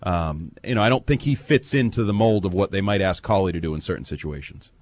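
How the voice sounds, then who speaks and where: A man co-hosting a sports talk radio show, animated, rambling and wry as he breaks down football. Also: low-pitched, fast talker, no room sound. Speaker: co-host and football analyst.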